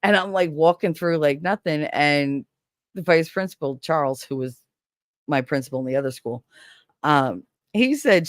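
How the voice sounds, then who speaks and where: A woman with a lowish voice, recorded dry and close, chatting casually on a stream. She tells stories in an animated, foul-mouthed way, laughing often and acting out the people she quotes. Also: moderate pace, no room sound. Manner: animated, swears freely, acts out quoted voices. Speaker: stream co-host. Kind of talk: casual storytelling chat.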